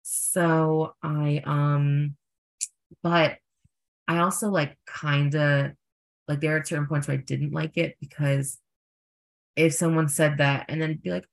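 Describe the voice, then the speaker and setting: A young man, a drag performer, telling stories in a casual interview, full of fillers and animated quoted voices. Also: fairly high pitch, measured pace, gravelly.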